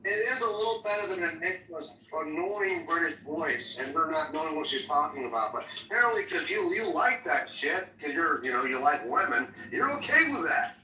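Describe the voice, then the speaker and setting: A man's voice: on the high side, expressive, a little fast, sharp tone, reverberant, recorded from a distance, a little hiss or hum, low-quality recording. A man in an audio chat room, arguing brashly and with profanity. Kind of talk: heated casual argument.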